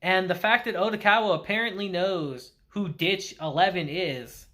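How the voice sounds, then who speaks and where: A man's voice: sits high, moderate pace. A man reviewing an anime, casually recapping the episode and acting out the characters' quotes. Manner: animated storytelling with acted-out quotes.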